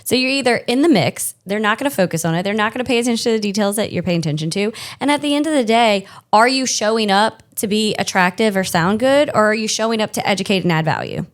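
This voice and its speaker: A woman co-hosting a podcast in a casual chat, quick and joking, often chiming in. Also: mid-range voice, animated. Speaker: podcast co-host.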